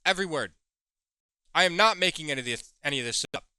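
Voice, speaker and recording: A man's voice: on the high side, lively intonation, quick pace, sharp tone, smooth, no room sound. A man hosting a heated commentary video, reading chat logs aloud and swearing as he accuses someone. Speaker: commentary host.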